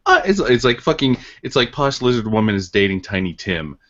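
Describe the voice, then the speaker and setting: A man's voice: mid-range voice, very animated, a little fast, fairly bright tone. A man co-hosting a casual podcast, teasing and sarcastic. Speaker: podcast co-host. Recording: dull lo-fi podcast audio.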